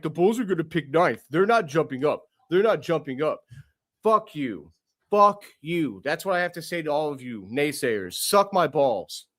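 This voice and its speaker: A young man hosting a sports podcast, reacting live with euphoric, profane excitement and lots of repetition. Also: high-pitched. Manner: euphoric, swearing, repeating himself.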